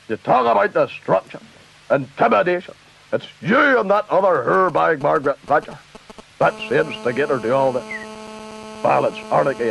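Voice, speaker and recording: A man doing a gravelly ranting Ulster preacher. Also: a little high, fairly bright tone, heavily acted. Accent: Northern Irish. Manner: ranting, menacing, sweary. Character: bellowing foul-mouthed old male preacher-politician. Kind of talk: comedy sketch record. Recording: dull lo-fi record with faint hiss.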